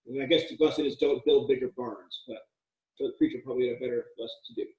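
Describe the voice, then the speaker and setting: A man's voice: medium pitch, fairly even intonation, quick pace, darkish tone, highs cut off. A male college writing instructor giving a casual, joking lecture with frequent fillers and restarts, recorded in an echoey room with the mic at a distance.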